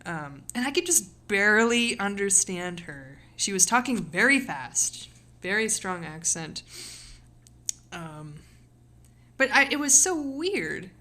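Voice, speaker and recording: A woman's voice: mid-range voice, very animated, slow pace, pushed and bright. A young woman streamer chatting casually and rambling, giggling often, with lots of fillers and a slightly sore voice. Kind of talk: casual live-stream chat.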